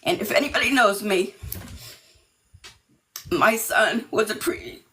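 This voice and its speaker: A middle-aged woman from Massachusetts, talking about herself in a video call interview, nervous and emotional, with many ums and pauses. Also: mid-range voice, animated, pushed and bright, low-quality recording. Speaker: team member.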